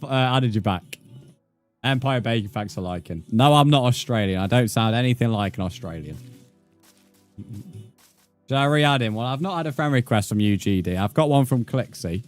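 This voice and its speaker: Casting: male game streamer, lowish voice, blunt sweary banter, faint game music behind. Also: animated, normal speed, long pauses. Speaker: livestreamer. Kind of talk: casual live gaming stream chat.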